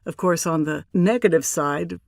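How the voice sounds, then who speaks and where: Measured older woman, dry close sound. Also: low-pitched, gravelly, no room sound. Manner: measured, deliberate, with emphatic pauses. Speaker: voice actor, interview guest. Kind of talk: relaxed interview storytelling.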